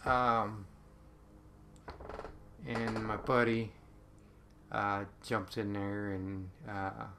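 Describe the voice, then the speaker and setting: A man's voice: on the low side, level tone, very slow, background noise. A man casually telling a personal story to camera, rambling with lots of ums and uhs.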